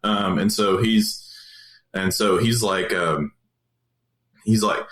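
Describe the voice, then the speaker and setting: A man's voice: on the low side, fairly even intonation, slow, fairly bright tone. A man, a police officer, telling a story in a casual, rambling way with many fillers and restarts. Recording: roomy echo.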